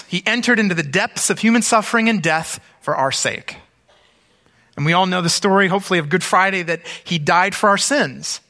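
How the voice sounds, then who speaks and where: A man preaching an Easter sermon as pastor, reading scripture aloud and breaking in with relaxed, conversational comments. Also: high-pitched, big-room sound.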